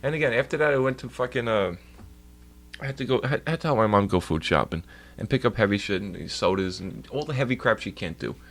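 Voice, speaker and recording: A man's voice: fairly low pitch, fast talker, a bit bright. A young man streaming, telling a rambling, profane story in casual chat.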